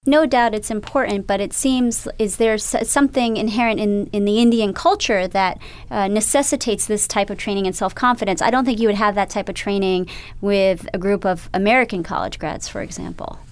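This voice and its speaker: A woman hosting a radio interview show, narrating and asking measured, probing questions. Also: mid-range voice, clean tone.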